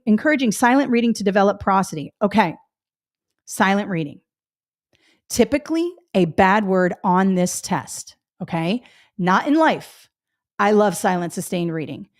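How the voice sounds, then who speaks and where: A woman's voice: medium pitch, no room sound, clean studio sound. Chatty, emphatic woman teaching a webinar. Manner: chatty, emphatic, repeats key points. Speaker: test prep instructor. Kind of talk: webinar lecture.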